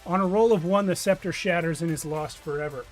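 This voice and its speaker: A man's voice: fairly high pitch, a little fast, soft background music. A man narrating a tabletop game as game master, with loose, rambling delivery.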